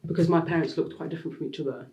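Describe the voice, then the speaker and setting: A woman's voice: low voice, racing, highs cut off. A woman, a guest in a casual interview, talking chattily with many fillers and acting out the people in her stories. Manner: chatty, heavy use of "like" fillers; animated storyteller, acts out quotes.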